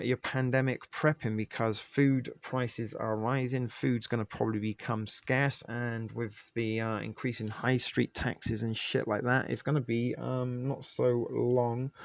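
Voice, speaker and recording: A man's voice: lowish voice, creaky, no echo. A man hosting a live stream, chatting casually and rambling to his viewers, answering their comments with plenty of fillers, restarts and the odd swear word. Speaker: livestream host.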